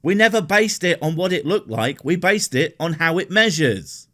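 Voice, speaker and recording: Man, sarcastic ranting commentary, very animated pitch, profane. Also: normal speed. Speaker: commentary host.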